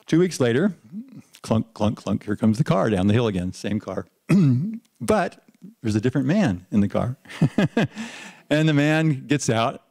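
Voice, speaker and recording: A man's voice: mid-range voice, a little slow, vocal fry. An older man on a panel telling an anecdote about his teaching days, often chuckling and restarting his sentences. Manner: lively storyteller who chuckles and restarts often. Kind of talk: anecdotal storytelling.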